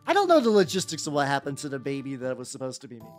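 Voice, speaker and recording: A woman's voice: rumbling low, wildly swooping pitch, racing, a little mellow. A woman streaming while she paints miniatures, chatting casually with viewers in a playful, rambling way with some swearing. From United States. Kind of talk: casual livestream chat. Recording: faint background music.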